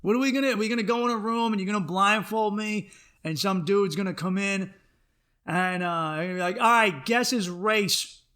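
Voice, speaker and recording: Bright-voiced man telling a comic story. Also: high voice, a little fast, smooth. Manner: animated, acts out other people's voices in his stories. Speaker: podcast host. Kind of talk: comedic storytelling monologue.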